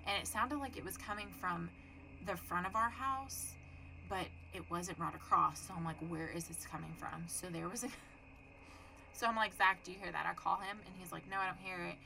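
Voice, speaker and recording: Bright, animated woman. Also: lowish voice, moderate pace, gravelly, a little hiss or hum, poor audio. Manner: animated, profane, acts out voices in her story. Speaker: podcast co-host. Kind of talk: casual chat, storytelling.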